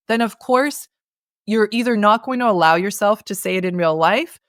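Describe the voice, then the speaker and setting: Animated woman coaching on voice. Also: medium pitch, moderate pace, no echo, studio quality. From North America. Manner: animated, demonstrative, explains with sung-out sounds. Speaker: voice and communication consultant. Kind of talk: conversational interview, coaching.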